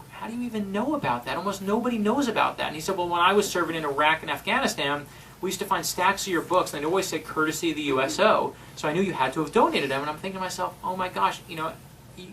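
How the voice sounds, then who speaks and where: A man's voice: a little high, bright, forceful tone. A middle-aged man giving a heartfelt storytelling speech to an audience, earnest and emotional. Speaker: speaker at an event. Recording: distant mic in a room with faint noise.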